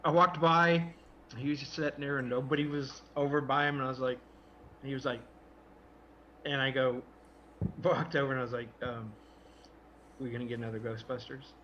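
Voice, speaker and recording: A man's voice: mid-range voice, little pitch movement, moderate pace, long pauses, lo-fi sound, slight background noise. A man hosting a podcast, rambling through stories in casual chat and searching for names. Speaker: podcast host.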